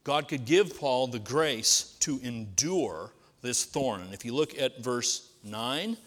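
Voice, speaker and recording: A man's voice: medium pitch, expressive, slow pace, a bit bright, in a large hall. A pastor preaching a sermon in a conversational way, asking his listeners rhetorical questions.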